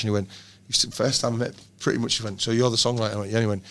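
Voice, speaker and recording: A man, a band's songwriter, telling lively anecdotes in casual chat, swearing and laughing often. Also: lowish voice, rapid-fire. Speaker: songwriter in a band, guest.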